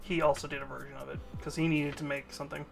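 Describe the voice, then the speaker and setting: A man's voice: fairly high pitch, level tone, fast, creaky, over music. A young man streaming himself painting miniatures, chatting casually and rambling with self-aware asides to a friend. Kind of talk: casual live-stream chat.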